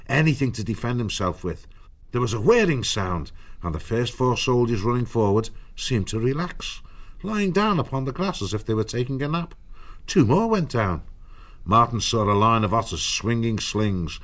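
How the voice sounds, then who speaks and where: A man reading an audiobook in a measured storytelling manner. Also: mid-range voice, expressive, a bit bright, dull audio. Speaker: narrator. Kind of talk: audiobook narration.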